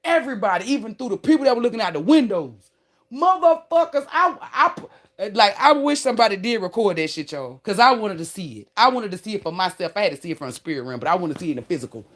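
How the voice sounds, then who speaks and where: A woman in a storytime vlog, swearing freely and pushing hard on her big moments. She talks right at her viewers, calling them "y'all" and "baby". Her voice sits at a middle pitch for a woman. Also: sing-song, fast. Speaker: online creator.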